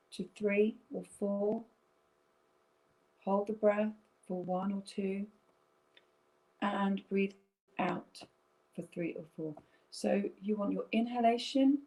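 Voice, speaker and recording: A middle-aged woman yoga teacher leading a guided breathing session, speaking softly and slowly with gentle check-ins to her students. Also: medium pitch, rough recording. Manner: soft, slow and soothing, with gentle check-ins. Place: home, via online stream.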